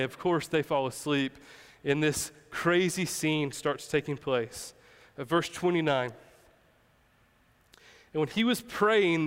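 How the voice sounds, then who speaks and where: A man's voice: a little high, a bit bright, clear, resonant tone, in a large hall. A man preaching a sermon as pastor, in a casual, conversational way with playful asides.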